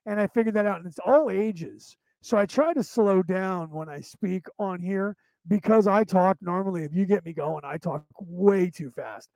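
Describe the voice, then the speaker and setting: A man's voice: high voice, normal speed, vocal fry, darkish tone, no room sound, rough recording. A male show host chatting casually and telling long, anecdotal stories, often restarting his sentences as he goes. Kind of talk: casual rambling storytelling.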